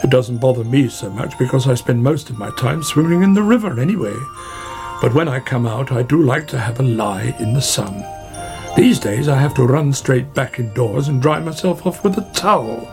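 A chatty, friendly otter from a storybook, voiced by a man, conversational with a slightly gravelly edge. Soft music runs underneath. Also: medium pitch, expressive, moderate pace.

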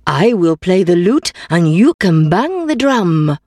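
A woman's voice: lowish voice, sing-song, slow, a little mellow, no echo, clean studio sound, exaggerated voice. A woman voicing a friendly old male donkey in a fairy tale reading.

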